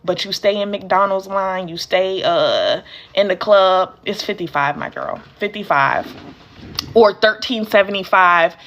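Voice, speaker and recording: A woman's voice: mid-range voice, a little slow, fairly bright tone, dull audio. An American woman teaching a casual live-stream session as a courier business coach. She talks straight to her viewers and answers their comments as she goes. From United States. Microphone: phone live stream.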